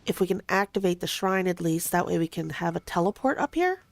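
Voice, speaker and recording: A woman with a Philadelphia and South Jersey accent, chatting casually and thinking out loud while streaming a video game. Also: lowish voice, lively intonation, a little fast. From Philadelphia, then southern New Jersey. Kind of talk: casual gameplay commentary.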